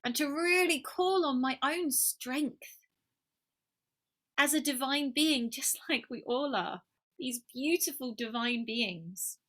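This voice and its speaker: A high, slightly bright voice takes its time as a spiritual mentor shares heartfelt, earnest reflections in a personal video. She's emotional, and some moments fall to almost a whisper.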